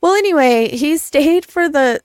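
A woman with a slightly high voice tells a story in a quick, chatty way, stopping now and then to laugh. She is recorded close and dry, with no room around her. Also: expressive, dry recording. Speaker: podcast co-host. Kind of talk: casual storytelling chat.

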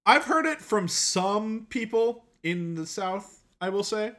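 A man in casual podcast chat with friends, teasing and quick to laugh. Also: high voice, animated, pushed and bright.

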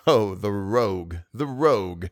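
A man's voice: lowish voice, lively intonation, a little slow, dry recording, studio quality, pitched below the performer's own voice. A man voicing a worldly aristocrat who speaks in an amused way, half under his breath.

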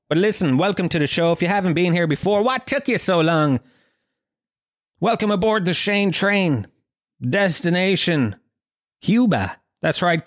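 There's no room sound around this slightly high male voice. It belongs to a young Irishman hosting his own show, riffing on meandering, foul-mouthed funny stories into a close mic.

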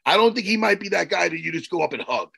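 A man co-hosting a podcast in casual chat, jokey and animated, acting out little scenes as he talks. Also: high-pitched, fast talker, gravelly, slightly rough, dry recording, poor audio. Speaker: podcast co-host.

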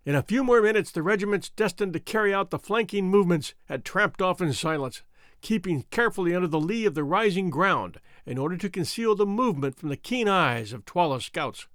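A man reading an adventure novel aloud as first-person audiobook narration, measured and expressive. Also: high-pitched, no echo.

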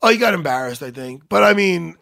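A man co-hosting a casual talk show, telling animated, profane stories. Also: on the high side, brisk, vocal fry, no echo. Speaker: podcast co-host. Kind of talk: casual chat.

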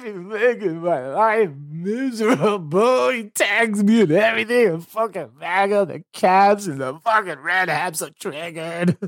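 A man's voice: dry recording, studio quality. A man putting on the voice of a whiny, easily offended young man who complains about being picked on online. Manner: mocking, high, drawn-out whine.

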